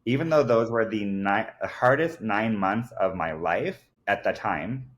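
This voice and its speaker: On lo-fi sound, a man with a voice on the low side and lively intonation tells a personal story at an unhurried pace. He is a podcast guest speaking earnestly and emphatically, with many fillers like "like" and "I kid you not."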